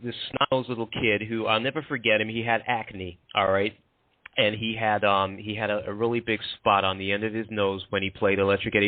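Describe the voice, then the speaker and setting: A man's voice: on the low side, little pitch movement, fairly quick, no room sound. A man, a guest on a show, telling rambling anecdotes with lots of restarts. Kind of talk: casual interview chat. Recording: dry, tinny phone-like line.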